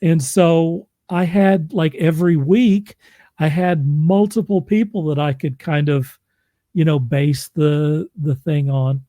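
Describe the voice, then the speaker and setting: Guy chatting about narrating audiobooks, rambly and self-deprecating, kinda highish but mellow voice, dry close sound. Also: fairly even intonation, takes it slowly, dry recording. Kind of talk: casual chat.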